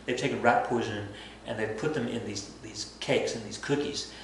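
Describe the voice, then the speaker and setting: A male history teacher telling a story to his students in a chatty, animated way, acting out bits of dialogue. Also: mid-range voice, moderate pace, heavy reverb, a little hiss or hum, low-quality recording. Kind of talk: casual storytelling lesson.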